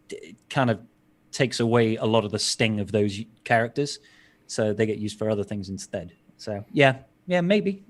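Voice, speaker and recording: A man answering questions on a live gaming panel in a relaxed way, pausing and sighing as he thinks. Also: medium pitch. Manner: relaxed, sighs while thinking, laughs. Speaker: guest panelist. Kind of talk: casual live game chat.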